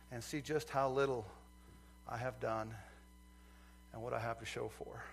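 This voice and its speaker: A male preacher delivering a sermon, swinging from loud fervent outbursts to quiet earnest asides. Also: medium pitch, a little hiss or hum.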